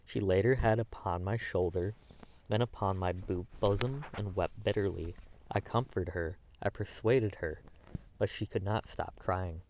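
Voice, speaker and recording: A man's voice: low-pitched, a little slow, darkish tone, slight background noise. A man narrating a classic novel as an audiobook, earnest and emotive with small stumbles.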